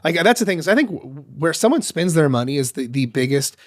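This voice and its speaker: A man's voice: a little high, sing-song, fast talker. A man hosting a podcast, talking loosely with many fillers and restarts. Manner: loose, filler-heavy talk. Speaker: podcast host, diet coach. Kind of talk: casual podcast chat.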